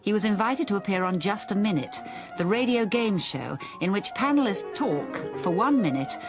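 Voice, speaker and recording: A woman giving scripted documentary narration in a measured, even delivery. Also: medium pitch, over music.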